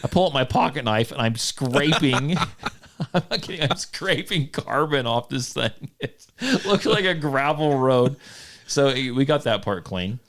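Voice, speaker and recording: A man's voice: mid-range voice, measured pace, a bit bright. Laughing, self-mocking male podcast host. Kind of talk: casual chat. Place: home studio.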